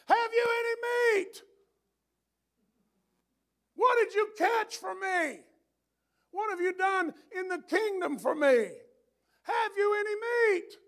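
A preacher doing Jesus shouting down from the clouds. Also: male voice, slow pace, vocal fry, pauses often, full character voice. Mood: demanding. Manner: loud, high, calling from afar.

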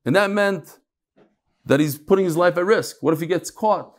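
A man teaching a text class who reads passages aloud, then explains them in relaxed talk and tells stories. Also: high-pitched, normal speed. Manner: storytelling, acts out quoted voices. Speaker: Talmud teacher. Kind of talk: Talmud class lecture.

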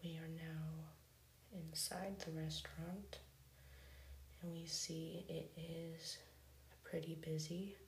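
Slow whispering woman ASMR storyteller. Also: sits low, echoey room, a little hiss or hum, low-quality recording. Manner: soft whisper, slow and even. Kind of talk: whispered ASMR retelling of a cartoon episode.

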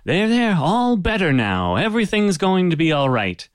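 High soothing voice for a little round pirate guy, way up above the man's own register, smooth and calm. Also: normal speed, no echo, studio quality.

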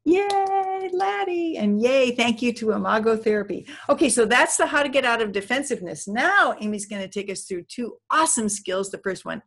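A middle-aged woman teaches a seminar on communication, weaving in lively personal stories. She acts out the people in them and moves between bright bursts and quieter asides, at an ordinary pitch. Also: creaky. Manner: animated storyteller, acts out quotes. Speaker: communication skills speaker.

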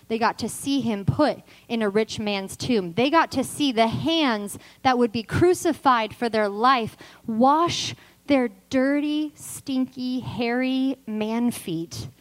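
A woman preaching a sermon with passion, swinging from loud emphatic declarations to soft, intimate storytelling with touches of self-deprecating humor. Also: on the high side, slow pace, poor audio.

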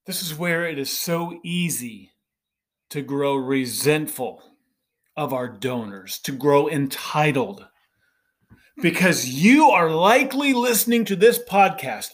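A middle-aged podcast host delivers a monologue in a slightly raised voice that sits fairly high, with lively intonation. He speaks slowly and earnestly, sounding preachy, and often pauses to ask "right?"

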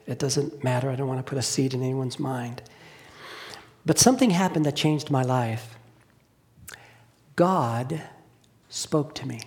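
A man's voice: medium pitch, a little slow, pauses often. Earnest man preaching his testimony. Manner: earnest storytelling, drops to hushed tones. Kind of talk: sermon testimony.

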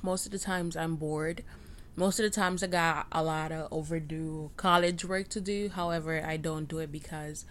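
A young woman whose first language is Spanish, hosting her own podcast and ranting in a rambling, self-mocking way, with loudness and pitch jumping often. She records on a cheap microphone. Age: late teens. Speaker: podcast host. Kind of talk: casual rant. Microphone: cheap home USB microphone.

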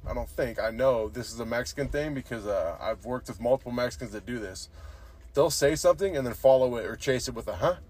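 A man's voice: medium pitch, darkish tone. A young man hosting a podcast, telling rambling, profane stories and saying "dude" constantly. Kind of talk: casual storytelling chat.

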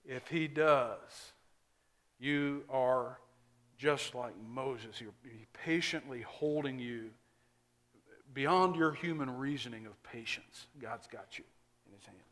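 A male pastor, preaching a sermon earnestly and emphatically, now and then dropping to quiet asides. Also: mid-range voice, takes it slowly.

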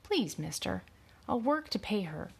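A woman's voice: medium pitch, sing-song, measured pace, creaky, husky, voice pushed up, heavily acted. A woman voicing a young male farmhand who pleads in plain, earnest words. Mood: desperate pleading.

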